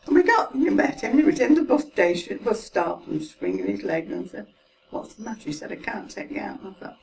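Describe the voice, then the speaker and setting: A woman's voice: fairly high pitch, sing-song, a little fast. A woman in her seventies with a Mancunian accent, chatting and reminiscing with frequent laughs. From Manchester, England. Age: 70s. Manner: chatty, laughs often, trails off softly. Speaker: interviewee recalling her life. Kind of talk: casual reminiscing. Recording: distant mic, hissy home recording.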